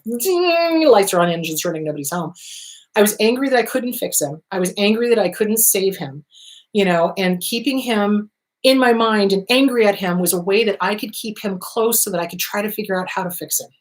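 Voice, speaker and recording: A woman counselor hosting a show, giving blunt, emphatic advice in a lively, direct way. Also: medium pitch.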